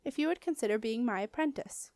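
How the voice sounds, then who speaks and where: A woman reading a storybook and voicing a stern but proud female wizard who speaks crisply and commandingly. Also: on the high side, animated, fast talker, darkish tone, no echo. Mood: polite.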